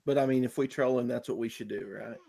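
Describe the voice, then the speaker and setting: A man hosting a casual online hangout, easygoing and halting, often restarting his sentences. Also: medium pitch, steady tone, mellow. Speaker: host of the hangout. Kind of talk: casual chat on an online call. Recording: call audio with clear background noise and clicks.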